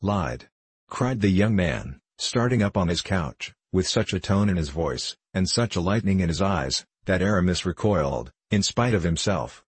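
A man narrating a classic novel as an audiobook in a measured, even way. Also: low voice, husky, no echo.

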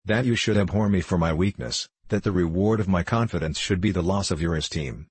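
A man's voice: low voice, brisk, a little mellow, husky, no echo. A man reading the part of an anguished young novice monk, in an impassioned, faltering, pleading voice.

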